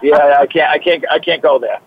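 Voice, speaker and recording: A man's voice: fairly high pitch, brisk, slightly rough, no echo. Boston man on a tinny phone line. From Massachusetts. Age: 50s. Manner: chatty, many fillers. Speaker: guest, trainer and author. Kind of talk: interview over the phone.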